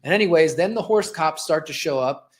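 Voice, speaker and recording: A man in his forties hosting a live show with a slightly higher voice. He tells a personal story in an impassioned, conversational way. He talks viewers through video clips as he goes. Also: lively intonation, brisk. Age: 40s. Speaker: host.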